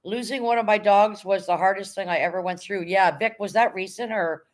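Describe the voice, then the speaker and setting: A woman's voice: mid-range voice, a little fast. A middle-aged woman hosting a casual livestream from home, reading viewer comments aloud and thanking them in a chatty way. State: emotional, near tears when talking about her late dog. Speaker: livestream host reading chat.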